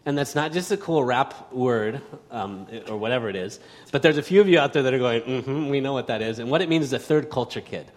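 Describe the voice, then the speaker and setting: Male pastor, mid-pitched, relaxed and self-mocking sermon delivery, echoing church hall. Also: brisk. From United States, raised in Spain. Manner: casual, self-deprecating, many fillers and restarts.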